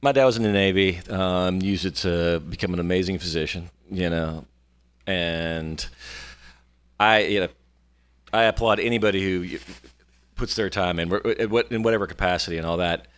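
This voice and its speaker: Low-voiced, measured male co-host. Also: fairly bright tone, clean tone. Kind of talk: casual podcast chat.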